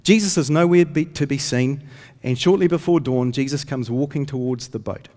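This male pastor speaks at moderate speed with a medium-pitched, slightly mellow voice. His sermon is full of earnest storytelling, and his voice lifts when he turns to scripture. The sound carries a long hall reverb.

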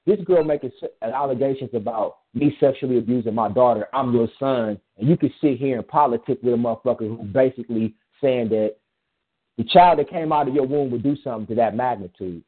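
A man's voice: mid-range voice, fairly quick, breathy edge. Man rambling on a tinny phone line. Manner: rambling, emphatic storytelling with frequent restarts. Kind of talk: casual chat.

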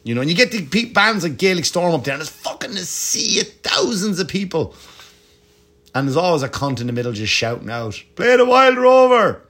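Irish man, middle-aged, comedian, casual profane storytelling, lively asides. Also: a little high, brisk, slightly rough. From Ireland. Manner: profane, animated anecdotes with frequent asides. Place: home, dog nearby.

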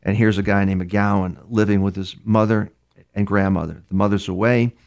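A low-pitched man from New York with a gravelly, fry-laden voice tells case stories in an interview. He rambles and restarts often, repeating words as he goes, and slips into the voices of the people in his stories. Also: steady tone, normal speed, a little mellow. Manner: acts out other speakers' words inside his stories. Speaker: criminal profiler, guest. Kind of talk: storytelling in a conversational interview.

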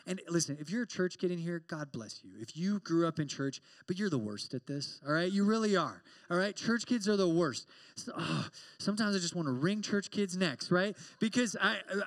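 A young man preaching a sermon as a campus pastor, animated and joking, acting out quoted exchanges as he talks. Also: high-pitched, no echo.

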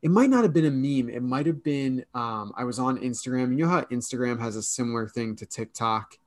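A man's voice: medium pitch, brisk, dry recording, clean studio sound. A man co-hosting a podcast in casual chat, rambling and restarting as he searches for words. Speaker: podcast co-host.

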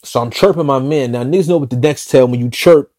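A man telling a street story in a slangy, profane, animated way, often restarting his sentences. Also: medium pitch, fast talker, no room sound, studio quality.

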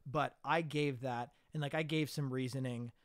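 A man's voice: medium pitch, steady tone, normal speed, no echo. Rambling young man, dry close sound. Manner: rambling, full of "like" and restarts. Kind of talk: casual podcast chat.

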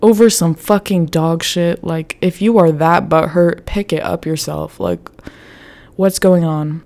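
A young woman vlogger telling a story casually, animated and profane, often laughing as she talks. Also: on the low side, unhurried.

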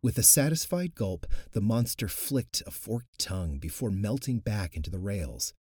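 A man narrating an audiobook in an expressive, animated way, close to the mic. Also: on the low side, normal speed, husky.

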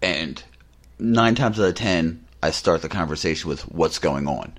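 A podcast co-host with a low voice and moderate pace tells casual anecdotes. He's animated, acting out the people he quotes in his stories.

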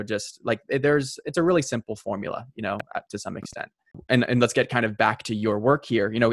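Young male host, low dry voice, reflective, halting casual talk. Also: dry recording. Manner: reflective, hesitant, repeats words. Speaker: podcast host. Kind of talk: casual conversation.

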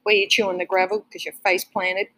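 A woman's voice: mid-range voice, little pitch movement, a little fast, sharp tone, low-quality recording. A woman with an Australian accent, chatting casually and teasing her co-host, laughing often. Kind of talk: casual chat.

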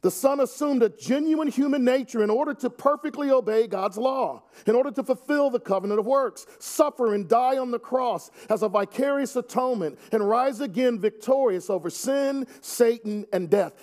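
A man's voice: very high-pitched, moderate pace, hardly any pauses, a little mellow. A man preaching a sermon to his congregation, earnest with wry asides. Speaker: pastor.

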